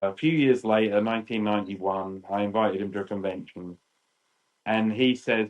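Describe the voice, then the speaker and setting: A British man in his fifties, a podcast guest telling lively anecdotes and acting out quotes. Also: lowish voice, normal speed, dull audio. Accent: British English. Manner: animated, acts out quotes. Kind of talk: storytelling chat.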